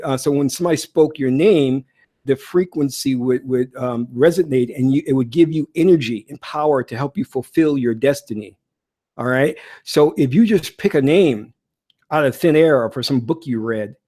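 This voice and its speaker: A man talking as a spiritual teacher in a casual monologue, telling stories in an animated, blunt and preachy way, with many fillers and restarts. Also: medium pitch.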